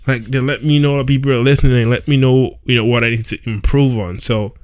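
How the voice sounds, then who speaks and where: A man's voice: mid-range voice, steady tone, fast, a little mellow, clean tone, no echo. A young man hosting a podcast, telling a story in a loose, chatty way, often checking in with "right?" and "yo". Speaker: podcast host. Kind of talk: casual storytelling monologue. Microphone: home setup with squeaky chair.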